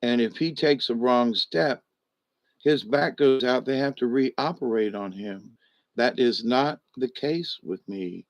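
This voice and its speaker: A man's voice: mid-range voice, slow, no echo. A man recovering at home, lying in a rest position and a little wired on steroids, giving a casual, rambling, upbeat video update full of restarts. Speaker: vlogger. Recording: dull, lo-fi, dry sound.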